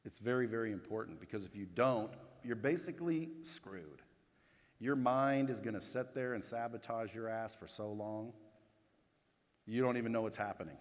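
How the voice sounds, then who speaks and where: A man's voice: on the low side, normal speed. A man giving a motivational keynote speech to a conference crowd, blunt and casual, swearing and addressing the audience directly. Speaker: keynote speaker. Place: conference hall stage. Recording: long hall reverb.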